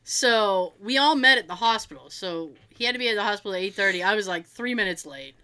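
A woman co-hosting a casual chat, telling family stories in an animated way, swearing freely and acting out what relatives said. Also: medium pitch, brisk, clear, resonant tone.

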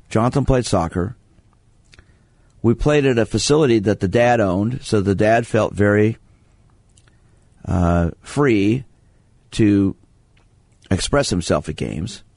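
A man's voice: fairly low pitch, darkish tone, no room sound. A man from Brooklyn hosting a sports radio call-in show, telling stories and often restarting his sentences. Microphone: studio microphone.

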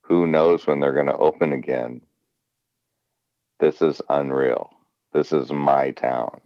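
A man co-hosting a podcast, telling stories in a reflective, drawn-out way. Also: very deep voice, fairly even intonation, no room sound. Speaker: podcast co-host. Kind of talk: casual podcast chat. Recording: dull, dry lo-fi mic.

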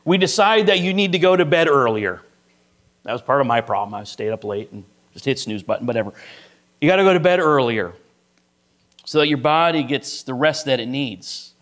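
A man's voice: mid-range voice, animated, moderate pace, a bit bright. A middle-aged male pastor preaching a sermon, telling a story to illustrate his point and often checking in with "right?".

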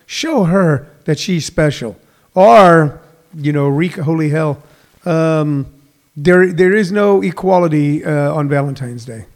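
A man's voice: on the high side, slow, a little mellow. A middle-aged man hosting a comedy podcast in a rambling, self-correcting way, full of fillers. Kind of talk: casual solo radio-style show.

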